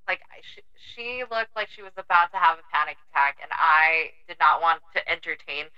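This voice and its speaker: Emphatic woman telling a story, bright. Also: sits low, steady tone, normal speed, clean tone, lo-fi sound. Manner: emphatic, swears freely. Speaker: podcast guest. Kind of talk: casual storytelling chat.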